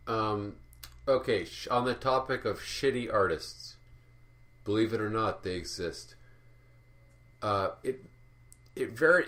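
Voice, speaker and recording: Deep-voiced man ranting sardonically. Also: fairly bright tone. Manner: sardonic, profane, rambling with many fillers. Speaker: art commentary vlogger. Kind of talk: ranting monologue.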